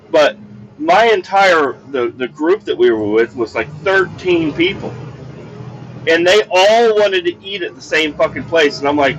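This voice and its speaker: A man's voice: a little high, animated, normal speed, a bit bright, dull audio. A middle-aged man telling a rambling, exasperated story full of swearing, recorded while driving in a car. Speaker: podcast host. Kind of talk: casual profane storytelling. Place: in a moving car. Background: faint vehicle noise.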